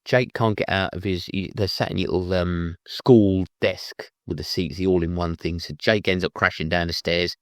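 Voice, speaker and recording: A man with a very low voice walks through a film's story in a loose, meandering way, often restarting his sentences. The sound is dry, with no room echo. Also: steady tone, moderate pace, few pauses. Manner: rambling, meandering retelling with many restarts. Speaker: film reviewer. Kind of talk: casual film recap.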